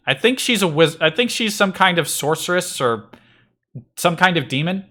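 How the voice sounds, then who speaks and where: A man's voice: high voice, animated, moderate pace, pushed and bright. A man streaming a video game, muttering to himself in wry, slightly frantic casual commentary.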